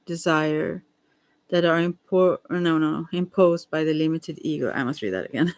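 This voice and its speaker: A woman softly reading a text aloud for ASMR, hushed and unhurried, now and then stumbling over words and apologizing. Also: deep voice, dry recording. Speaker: ASMR reader. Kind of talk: soft-spoken ASMR reading.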